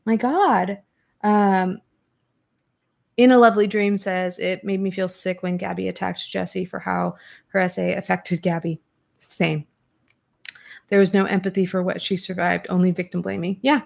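A woman hosting a casual commentary chat, reading viewer comments aloud and talking bluntly, with swearing and quick restarts. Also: lowish voice, flat delivery, creaky. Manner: quick, talkative, many restarts.

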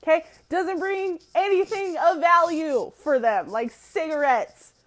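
A woman's voice: very high voice, slow pace. A woman giving a casual opinion monologue, emphatic and profane, laughing often as she talks. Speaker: commentator.

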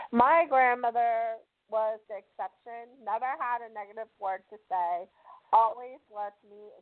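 A woman telling personal stories in a candid, blunt, conversational way. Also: a little high. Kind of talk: personal storytelling. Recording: tinny phone-like sound.

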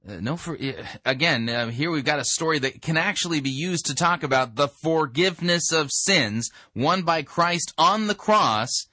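A man's voice: a little high, animated, normal speed, hardly any pauses, bright, forceful tone, no room sound, studio quality. A man reviewing a sermon with sarcastic, dismissive commentary.

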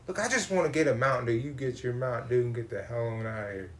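A man spins a profane, comic story. He is animated and acts out the people he runs into. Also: mid-range voice, fast, slight background noise. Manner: animated, swears a lot, acts out voices.

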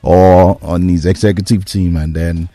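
A man on a sports talk panel, giving measured, assertive analysis. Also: low voice, fairly even intonation, over music. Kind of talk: casual chat, analysis.

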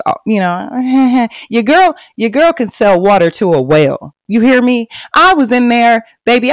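A Texan woman hosts a podcast, telling her own story in a chatty, confiding monologue. Her fairly high voice comes through in clean studio quality with no echo. She gets lively and loud while bragging, then turns hushed and reflective later on.

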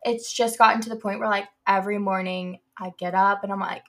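A woman's voice: medium pitch, fairly even intonation, brisk, few pauses. A young woman co-hosting a podcast, chatting casually and filling her speech with "like" and "you know". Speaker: podcast co-host. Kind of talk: casual chat.

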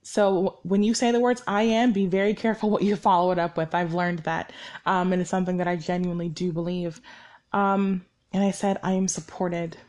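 A woman's voice: on the low side, steady tone, fairly quick, darkish tone. A young woman hosting her own podcast, talking candidly and reflectively about her week. She rambles, corrects herself often, and says she is short on sleep. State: sleep-deprived. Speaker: podcast host. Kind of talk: personal reflective monologue.

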